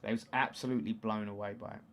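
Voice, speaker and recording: A man in his thirties with an East London accent, hosting a football watchalong in casual chat, reading out comments and erupting into loud shouts at chances. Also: on the low side, steady tone, rapid-fire, a little hiss or hum. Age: 30s. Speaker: livestream host.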